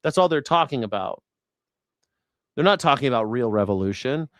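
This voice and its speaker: A man's voice: medium pitch, lively intonation, moderate pace, dry recording, studio quality. A man hosting a news reaction show, ranting about politics in a crude, sarcastic, mocking way with lots of swearing. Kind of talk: profane political commentary rant.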